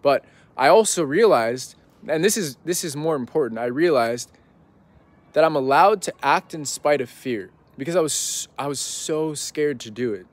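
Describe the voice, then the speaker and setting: A man's voice: fairly high pitch, animated, moderate pace. A young man telling a story as a podcast guest in a casual, rambling way, full of "like" and "right?". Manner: rambling, heavy use of "like" and "right?".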